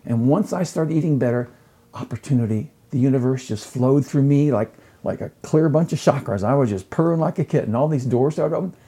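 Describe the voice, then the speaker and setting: A man's voice: mid-range voice, fairly quick, breathy edge. A middle-aged man, a chef and lecturer, telling stories effusively in a casual conversation. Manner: effusive, animated storytelling.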